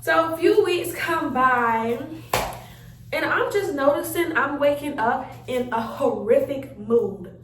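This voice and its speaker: A young woman, telling a story in an animated, chatty way and acting out her own reactions. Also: high-pitched, takes it slowly. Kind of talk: casual storytime chat. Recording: roomy sound, mic a bit far off.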